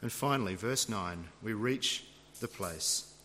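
A man's voice: fairly low pitch, measured pace, sharp tone, slight background noise. A man preaching a sermon, retelling a scripture story in a dramatic storytelling manner. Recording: long reverb of a large hall.

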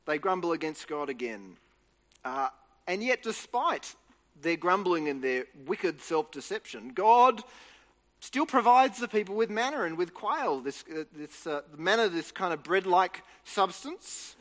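Man, high voice, earnest bible teaching, long hall reverb. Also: sing-song, measured pace, fairly bright tone. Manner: earnest, explanatory, with frequent restarts. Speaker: preacher.

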